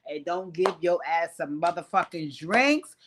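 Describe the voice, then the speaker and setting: A young adult woman hosting a casual commentary vlog, recapping reality TV. She talks in a sassy, blunt, profane way, with big jumps in pitch and volume. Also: animated, unhurried, noisy background.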